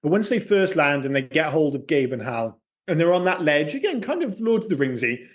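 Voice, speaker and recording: A man co-hosting a casual film podcast, ranting in an animated, profane way. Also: on the high side, a little fast. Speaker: podcast co-host.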